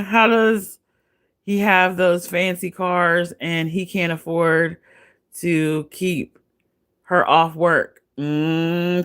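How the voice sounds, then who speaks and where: A woman's voice: on the low side, a bit bright, clear, resonant tone. A woman hosting a livestream, giving casual gossip commentary in a blunt, profane, chatty way and laughing often. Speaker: livestream host.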